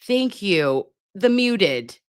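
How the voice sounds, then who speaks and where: A woman in her forties, a nurse hosting a casual livestream, speaks extremely slowly yet very animatedly in a clear, resonant mid-range voice. She reads viewer comments, giggles, chats, gets flustered now and then and calls viewers babe. Her computer mic gives clean studio sound without echo.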